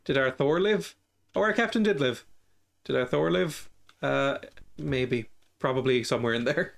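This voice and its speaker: A man's voice: mid-range voice, moderate pace, vocal fry. A man streaming a strategy game, casually thinking aloud in a rambling way and chuckling often. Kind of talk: casual gameplay commentary.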